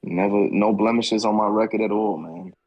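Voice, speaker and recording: A man's voice: fairly low pitch, steady tone, moderate pace, lo-fi sound. A man on a podcast telling joking stories in a laid-back, swearing, casual way. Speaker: podcast guest, army veteran. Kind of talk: casual chat, storytelling.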